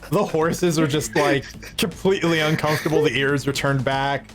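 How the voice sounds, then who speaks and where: A man narrating as game master of a tabletop game, relaxed, with frequent stammered restarts. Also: on the high side, moderate pace, music in the background. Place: home streaming setup.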